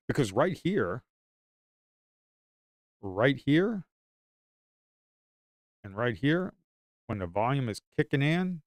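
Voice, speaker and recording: A man's voice: medium pitch, no echo. A man giving live stock trading commentary in an emphatic, repetitive way.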